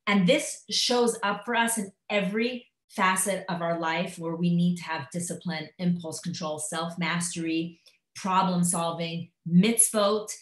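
A woman's voice: lowish voice, fairly even intonation, measured pace. A woman teaching a live lecture in a conversational way, acting out inner voices as she speaks. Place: classroom. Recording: echoey room.

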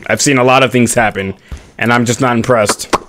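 A man trolling players over game voice chat on a headset, mock-serious and theatrical, often breaking into loud shouts. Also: mid-range voice, steady tone, brisk, heavy background noise.

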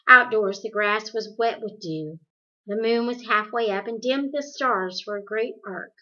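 A woman reading a novel aloud in a slow, measured storytelling manner, in a dull lo-fi recording. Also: medium pitch, pushed and bright. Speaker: audiobook reader.

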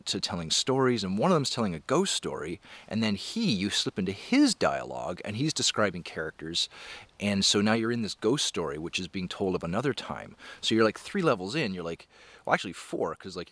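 A man's voice: low voice, fairly bright tone, dry recording. A man talking casually to camera about a book, rambling and enthusiastic with many fillers. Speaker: comics creator discussing a book. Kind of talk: casual vlog talk. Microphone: camera mic.

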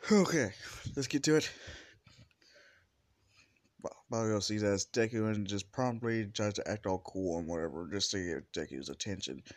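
A man casually retelling a fan story, rambling and animated, cussing now and then. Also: low voice, brisk, no room sound, studio quality. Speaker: fan fiction narrator.

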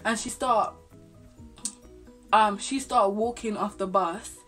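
A woman's voice: medium pitch, slow pace, faint music behind. A young woman telling a storytime vlog, full of slang and swearing. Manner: animated, slangy, swears freely. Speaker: vlogger.

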